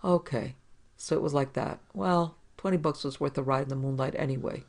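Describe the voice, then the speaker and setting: A narrator voicing a terse young male detective, flat and clipped in a 1940s crime story. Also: mid-range voice, fairly quick, close to an everyday voice. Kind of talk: audiobook reading.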